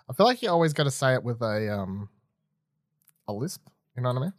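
A man's voice: medium pitch, big pitch swings, a little fast, no echo. Chatty male podcast host, dry sound. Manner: chatty, loose, prone to tangents. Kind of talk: casual podcast chat.

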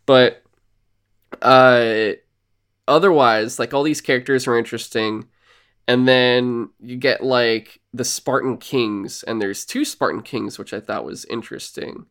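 A male podcast co-host talks casually about a game he finished. He recaps the plot and slips into quick character voices along the way. His voice sits at a middle pitch. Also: a bit bright. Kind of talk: casual chat.

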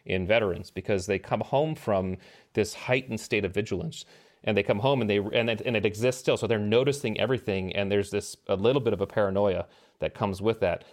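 Animated storytelling man, low voice. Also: a little fast. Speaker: podcast guest, former Navy SEAL. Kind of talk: casual storytelling conversation.

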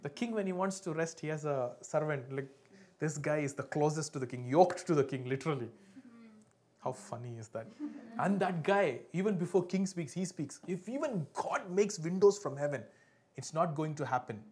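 A man, preaching a sermon to a congregation, swinging between loud emphatic peaks and quiet drops and often asking his listeners to respond. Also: on the high side, lively intonation, moderate pace. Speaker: pastor.

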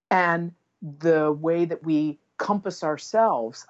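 A woman guest, an aromatherapist, speaking gently and earnestly in casual conversation. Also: on the low side, steady tone, takes it slowly, hardly any pauses, highs cut off.

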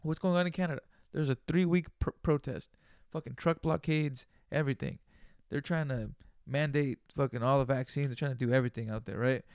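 A man's voice: mid-range voice, fairly even intonation, fairly quick, a little mellow, clean tone, no echo, studio quality. A man hosting a solo podcast, talking in a loose, profane, rambling rant. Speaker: podcast host.

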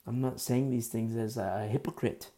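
A man's voice: medium pitch, normal speed, dark tone. A man preaching a sermon in a conversational, folksy way, with asides and quoted lines. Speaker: pastor.

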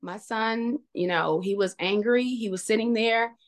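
A woman guest on a podcast, telling a painful personal story in an emotional, halting way, full of restarts. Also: a little high.

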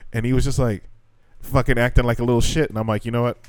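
A young man chats on a podcast, telling work stories with lots of swearing and acted-out quotes. His voice sits mid-range and his pitch jumps around a lot. The sound is close and dry. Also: quick pace, no echo. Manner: animated storytelling, swears freely, acts out quoted voices. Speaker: podcast co-host; assistant language teacher in Japan. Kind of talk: casual chat.

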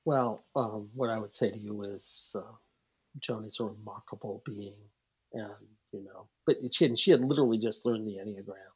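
A man, a psychologist and author guesting on a podcast, telling a story in a rambling, animated way and acting out the quotes. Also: on the low side, normal speed, breathy edge. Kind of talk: storytelling in a casual interview.

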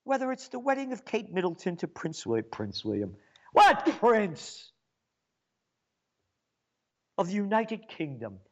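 Male commentator, high, swooping voice, slow, sarcastic rant. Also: wildly swooping pitch. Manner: sarcastic and scornful, with sudden shouts. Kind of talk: ranting commentary. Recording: dull lo-fi sound.

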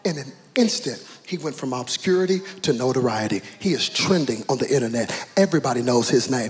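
Male preacher, lively pitch, dramatic swings from hush to shout, reverberant hall. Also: fairly quick, few pauses. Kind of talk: sermon. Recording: reverberant hall with faint ambience.

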